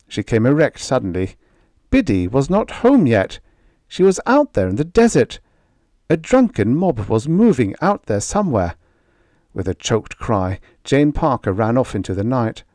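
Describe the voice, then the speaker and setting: A man reading a vintage science fiction story aloud as an audiobook narrator, with expressive storytelling. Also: fairly low pitch, dry recording, clean studio sound. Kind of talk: scripted narration.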